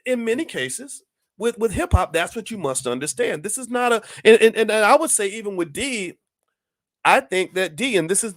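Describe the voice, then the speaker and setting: A man's voice: high-pitched, no room sound, studio quality. A man hosting his own channel, delivering an impassioned opinion monologue full of emphatic rhetorical questions. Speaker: channel host.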